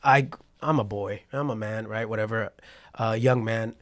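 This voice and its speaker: A man's voice: on the low side, normal speed. A man in his forties from California, a podcast guest telling a story in a casual interview and acting out what people said. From Patterson, California. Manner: animated storyteller who acts out quotes and keeps asking "right?".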